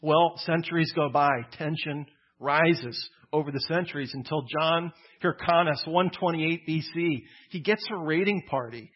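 A man's voice: on the high side, measured pace, slightly rough, highs cut off. A man preaching a conversational, emphatic sermon, often repeating words as he builds a point. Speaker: pastor.

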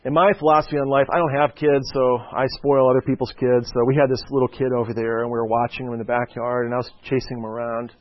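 A man's voice: mid-range voice, little pitch movement, fast, few pauses. A man preaching a sermon in a conversational, storytelling way, often checking in with his listeners by asking "okay?". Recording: dull lo-fi sound.

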